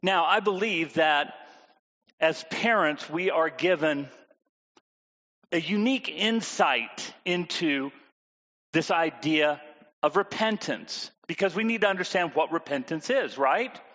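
A man's voice: on the high side, lively intonation, slow, bright, forceful tone, big-room sound, lo-fi sound. A man preaching a sermon in a conversational way, often asking the congregation questions. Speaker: pastor.

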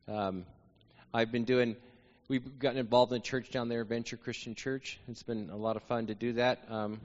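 Guy from new mexico joking around with a church crowd, long echo off the hall, kinda muffled sound. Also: mid-range voice. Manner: joking, self-deprecating. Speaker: guest preacher. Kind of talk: sermon opening. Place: church sanctuary.

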